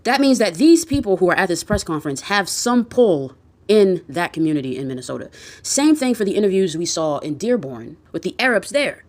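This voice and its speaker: A woman giving ranting social commentary, blunt and heavily profane, firing off heated rhetorical questions. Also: low-pitched.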